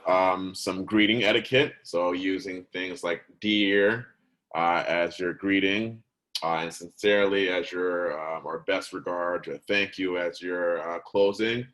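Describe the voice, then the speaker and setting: A man with a very low voice walks his students through a recorded lesson. He keeps it conversational and checks in with "right?" and "okay?" every few sentences. Now and then he stops partway through a word to correct himself. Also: fairly bright tone, poor audio. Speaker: teacher.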